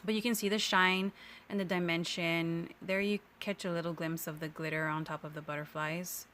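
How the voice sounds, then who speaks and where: Woman, low-pitched, casual crafting tutorial voice-over, chatty, easygoing. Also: level tone, moderate pace, fairly bright tone, slight background noise. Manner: chatty and easygoing, with small self-corrections. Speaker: card-making tutorial host. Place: home craft room.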